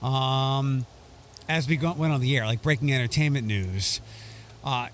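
A man's voice: mid-range voice, a little slow. A man hosting a radio show, chatting casually and reading a traffic report.

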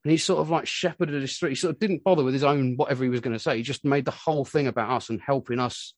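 A man in his forties, a musician being interviewed, telling stories in a rambling, animated way with lots of filler words. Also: mid-range voice, fast talker, dry recording. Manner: rambling, animated storytelling full of "you know". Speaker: musician guest. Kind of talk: casual interview chat.

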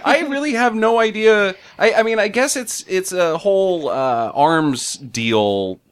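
A man's voice: high voice, animated, unhurried, clear, resonant tone. A man hosting a podcast, chatting casually with an enthusiastic, jokey manner. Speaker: podcast host.

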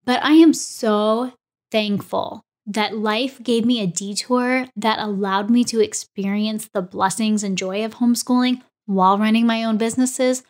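Lively woman telling a personal story. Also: on the high side. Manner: animated, acts out quoted dialogue. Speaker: podcast host.

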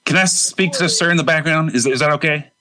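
A man posing as a manager on a prank call, speaking politely and calmly in a customer-service manner. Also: on the high side, fast talker.

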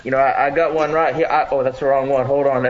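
A man playing a stiff, rambling male fishing champion on a comedic call-in, halting and deadpan. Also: medium pitch, natural voice. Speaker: caller impersonating a bass fishing pro. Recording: dull lo-fi audio with crowd noise.

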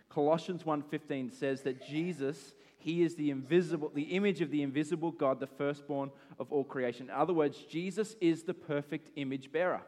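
A middle-aged man, preaching a sermon and telling lively stories about his own bad days. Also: mid-range voice. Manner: animated storytelling, acting out his own shouts. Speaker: pastor. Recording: long hall reverb.

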